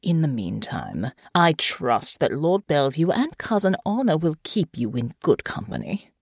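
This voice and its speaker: A woman's voice: deep voice, very animated, unhurried, husky, no echo, studio quality, exaggerated voice. A woman putting on a haughty scheming nobleman. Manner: haughty, sniffing. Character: pompous scheming nobleman cousin.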